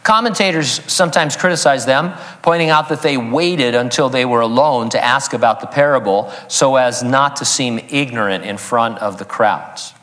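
A man's voice: medium pitch, moderate pace, few pauses, a bit bright, long reverb tail. A man preaching a sermon as pastor, breaking in with joking asides and chuckling at his own jokes. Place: church sanctuary.

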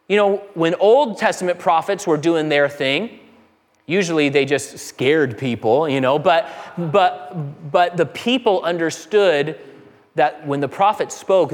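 A man's voice: fairly high pitch, in a large hall. A man preaching a sermon earnestly, acting out quoted voices and building to emphatic peaks. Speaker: pastor.

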